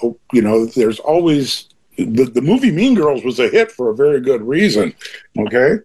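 An older man with a husky, slightly breathy voice at a mid pitch. He talks in a loose, conversational interview style, drifting into asides and restarting sentences. He lands his points with blunt emphasis. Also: very animated, moderate pace, a little mellow. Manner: rambling, with frequent asides and restarts; emphatic and opinionated. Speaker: interview guest.

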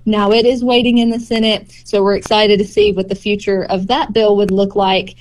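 A woman speaking in a measured, informative way as she answers a radio reporter's questions on farm policy. Her pitch sits in an ordinary middle range. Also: level tone, darkish tone. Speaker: policy director for a farm group.

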